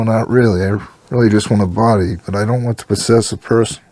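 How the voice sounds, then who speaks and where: Gravelly low-voiced man reading a story. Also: a little mellow, dry recording. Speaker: story reader.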